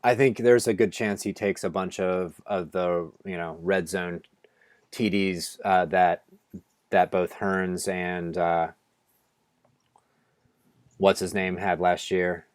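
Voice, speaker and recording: A man's voice: low-pitched, fairly even intonation, takes it slowly, long pauses, no room sound. A man co-hosting a fantasy football draft stream, talking casually and rambling with many restarts. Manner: rambling, restarts, says "like" a lot. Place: home, on a video call.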